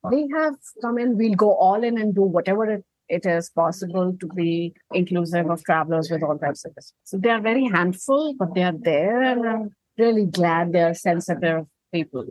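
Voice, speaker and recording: A woman's voice: on the low side, a little mellow, no echo, low-quality recording. A woman, a company founder speaking earnestly and persuasively as a guest in a podcast interview. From India.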